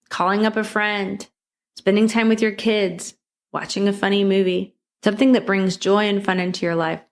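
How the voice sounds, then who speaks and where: A middle-aged woman speaks as the host of her own motivational podcast. She talks in an upbeat, encouraging way, repeating her calls to action and lifting her voice for emphasis. Her pitch sits in a middle range. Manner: repetitive exhortations.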